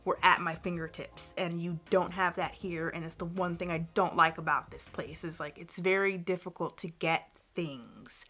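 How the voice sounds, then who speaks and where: A woman's voice: fairly low pitch, steady tone, moderate pace, few pauses, fairly bright tone, soft background music. A young woman gives a candid, chatty vlog update, ranting freely with lots of fillers. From United States. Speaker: vlogger, teacher in Japan.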